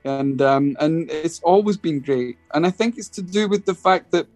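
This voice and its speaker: A man's voice: a little high, moderate pace, a little mellow, no echo, soft background music. Scottish man telling a story, dry sound. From Scotland. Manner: rambling, full of restarts and acted quotes. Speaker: guest musician. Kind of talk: casual interview storytelling.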